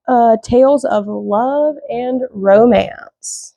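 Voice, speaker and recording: Woman doing a chatty tarot reading, low-key mellow voice, dry close sound, rambles a lot. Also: fairly even intonation, no room sound, muffled recording. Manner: rambling, loose, with many fillers; slow and deliberate when reading card meanings. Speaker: tarot reader.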